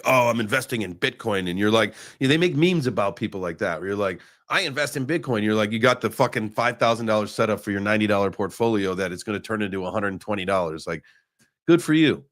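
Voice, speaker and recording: This man hosts a live crypto stream and talks in a loose, joking way, full of sarcasm and fillers. His voice sits a little low for a man. He calls out viewers by name between chart readings. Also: fairly bright tone. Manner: rambling with many fillers while reading charts. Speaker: crypto livestream host. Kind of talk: casual live market chat.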